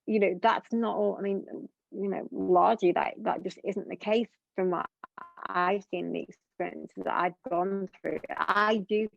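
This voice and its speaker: In this candid conversation, a young interview guest talks earnestly and wanders, using plenty of fillers. She has a gravelly, medium-pitched voice with fairly even intonation and an unhurried pace. The audio is dry, dull, and lo-fi.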